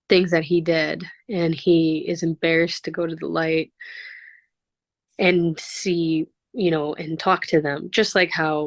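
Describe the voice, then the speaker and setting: Woman guest rambling through a personal story, lots of ums, lower voice, dry sound. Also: no echo. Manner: earnest, rambling, with frequent fillers and laughs. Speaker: interview guest. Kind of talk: casual conversational storytelling.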